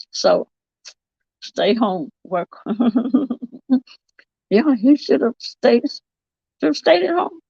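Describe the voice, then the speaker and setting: A woman with a drawl talks slowly through a casual livestream, her voice gravelly with a lot of fry. She rambles and backtracks as she comments. The sound is dry and slightly dull, like lo-fi stream audio. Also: mid-range voice, a little mellow, no room sound. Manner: rambling, drawn-out, self-correcting. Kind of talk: casual live-chat commentary.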